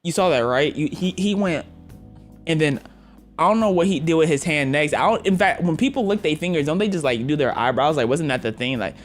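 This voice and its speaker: A man's voice: a little fast, faint music behind. A man hosting a reaction video, commenting with incredulous jokes. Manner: incredulous, joking, swooping pitch.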